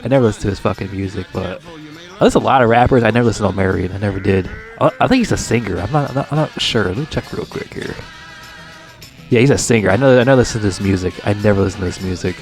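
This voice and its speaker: Low-voiced man ranting profanely. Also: very fast, gravelly, soft background music. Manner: profane, rambling, digressive; exasperated outbursts with pitch jumps. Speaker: movie reviewer. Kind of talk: casual rambling review.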